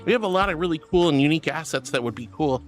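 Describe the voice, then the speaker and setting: A man's voice: fairly high pitch, animated, racing, soft background music. A man streaming live and reading out chat in a bubbly, affectionate, playful way, calling viewers sweetie and darling, with giggles, gasps and squeals. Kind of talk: chatty livestream reading chat.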